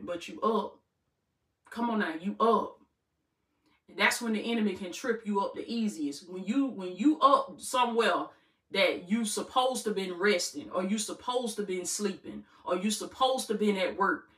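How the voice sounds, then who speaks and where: Brief: woman life coach, preacher-style motivational talk, bright tone, roomy distant sound. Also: medium pitch. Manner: preacherly, repetitive call-and-response. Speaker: life coach and channel host. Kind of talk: faith-based motivational talk. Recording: roomy room, distant mic.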